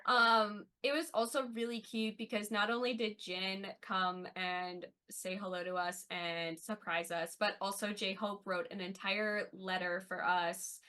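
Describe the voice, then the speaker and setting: A woman co-hosting a fan podcast, chatting casually and gushing with excitement. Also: medium pitch. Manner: excitable, gushing, quick to laugh. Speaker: podcast co-host.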